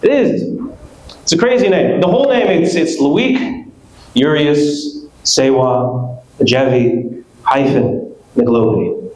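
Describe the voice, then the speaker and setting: A young man from West Africa doing a stand-up comedy set, animated and acting out voices, laughing at his own jokes. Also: a little high, takes it slowly, pauses often, a little hiss or hum. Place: comedy club stage. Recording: roomy club sound.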